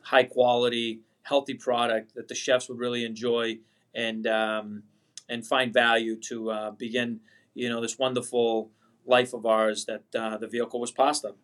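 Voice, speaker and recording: A man's voice: medium pitch, little pitch movement, moderate pace, a bit bright. A man in his forties with a Boston accent, a guest on a podcast speaking over a video call, earnest, heartfelt and rambling. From Boston area, USA. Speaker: pasta manufacturer, guest. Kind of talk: casual interview chat.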